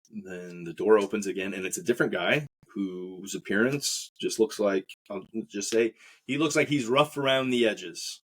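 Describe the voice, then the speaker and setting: A man hosting a podcast, telling a personal story in a casual, rambling way with many fillers and acted-out quotes. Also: on the low side. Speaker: podcast host.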